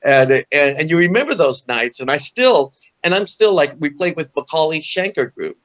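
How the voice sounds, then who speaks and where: A man's voice: fairly high pitch, expressive, moderate pace, a bit bright, lo-fi sound. A man in his sixties from Orange County, telling musician stories as a guest in a casual, rambling way full of "you know". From Orange County, California. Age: 60s. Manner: rambling anecdotal, frequent "you know" and repeats. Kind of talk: casual storytelling interview.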